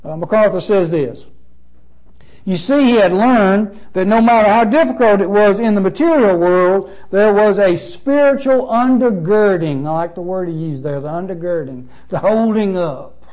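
A man's voice: high voice, animated, normal speed, a little mellow, dull audio. A man preaching a sermon as pastor, emphatic and repeating phrases with shifting stress.

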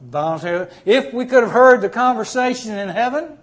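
A man preaching a sermon. He speaks emphatically, with sudden swings in loudness and repeated words. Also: very high voice, expressive, a little fast.

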